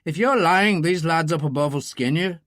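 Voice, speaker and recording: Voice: mid-range voice, normal speed, fairly bright tone, no room sound, studio quality, voice pushed up, close to an everyday voice. An audiobook narrator voicing a tough male operative who talks laconic and sardonic. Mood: steady.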